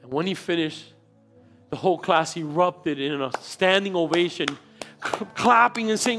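A male pastor preaching a sermon in a church, telling a story with dramatic swings between quiet and loud. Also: high-pitched, measured pace, faint music behind. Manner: storytelling, dramatic shifts in loudness.

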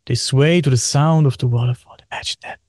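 A man, a podcast guest in casual chat, talking excitedly, repeating himself and swearing often. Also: mid-range voice, fairly quick, dry recording, clean studio sound. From Germany.

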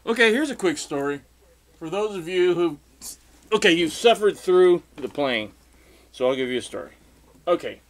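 Male guitarist, unscripted anecdote, slightly high voice, very animated delivery, laughs often. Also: measured pace, pauses often. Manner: rambling, laughs often, acts out quotes. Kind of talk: unscripted casual storytelling.

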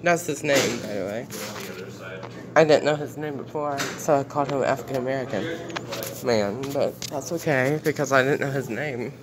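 A man's voice: mid-range voice, moderate pace, crowd noise. Man reacting with outrage to headlines. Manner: exclaims often, repeats himself, reacts with outrage. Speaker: commentary vlogger. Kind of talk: casual commentary reading headlines.

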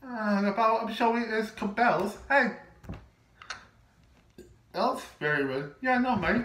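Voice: mid-range voice, a little slow, a bit bright, close to an everyday voice. A pushy, pestering character, as someone puts him on, who tacks "mate" onto nearly every line and trips over his own restarts. He sounds off in a roomy space, set back from the mic, with a faint hiss underneath. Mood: teasing. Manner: repeats "mate" constantly, stammering restarts. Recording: echoey room, distant mic, faint noise.

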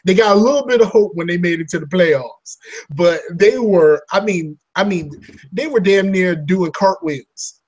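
Husky, high-voiced man chatting casually. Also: moderate pace, a little mellow. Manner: blunt, joking trash talk; rambling, restarting sentences. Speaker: podcast co-host. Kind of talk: casual chat.

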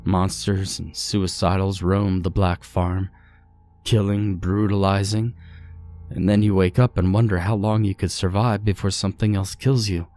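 A man's voice: little pitch movement, a little slow, darkish tone, soft background music. A man voicing a sad, resigned ghost woman who speaks in a tired, heavy way. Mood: weary. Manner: tired, heavy, low-voiced.

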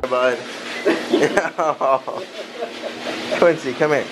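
A man's voice: fairly high pitch, extremely slow, very noisy. A man vlogging casually while getting over an illness, talking playfully to his dog in a coaxing way. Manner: lively, playful coaxing talk to a pet.

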